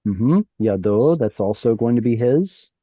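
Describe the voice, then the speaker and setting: Slow, mellow-voiced male Hebrew teacher. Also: medium pitch, lively intonation, slightly rough, no room sound. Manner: patient, explains step by step. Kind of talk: online class teaching. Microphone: video call.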